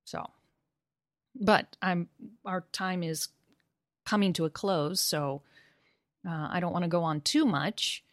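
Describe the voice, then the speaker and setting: A woman explaining pronunciation teaching, acting out example phrases with rising and falling intonation, animated and laughing easily. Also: fairly low pitch, slow pace, long pauses, no room sound, studio quality. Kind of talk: conversational discussion about teaching.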